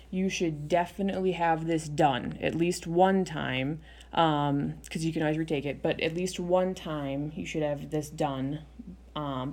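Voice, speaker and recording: A woman's voice: low-pitched, darkish tone. A young adult woman teaching Spanish in a recorded video lesson, explaining step by step in a patient way with frequent ums.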